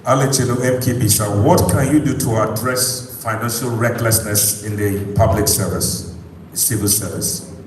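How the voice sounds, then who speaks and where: Brisk moderator man, echoey hall. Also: on the low side, steady tone, slight background noise. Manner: brief, formal question reading. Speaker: debate moderator. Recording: reverberant hall, distant mic.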